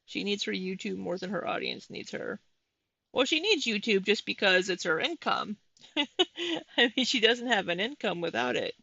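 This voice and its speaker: A woman's voice: medium pitch, sing-song, normal speed, creaky, sharp tone, no echo, muffled recording. A woman giving casual commentary over livestream clips, chatting with viewers by name.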